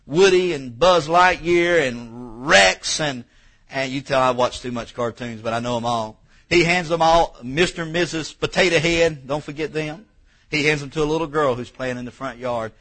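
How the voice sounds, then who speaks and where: A man's voice: medium pitch, fairly bright tone, low-quality recording. A man in his thirties preaching a sermon in church, folksy and emotional, telling personal stories that rise toward tears. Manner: folksy, emotional storytelling, rising to near tears. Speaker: pastor.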